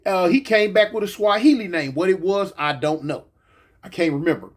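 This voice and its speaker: A man with a high voice tells an old story in a loose, casual way. He is middle-aged and from California. He talks in animated bursts full of fillers and repeats, and often acts out what other people said. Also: normal speed. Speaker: former gang member telling prison stories.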